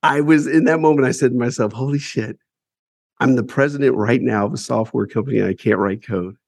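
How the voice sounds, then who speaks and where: A man's voice: medium pitch, fairly even intonation, quick pace, gravelly, darkish tone, dry recording, studio quality. A man who runs a publishing company, telling his life story as a guest in a casual interview, candid and emphatic, swearing freely and repeating words as he builds up each point.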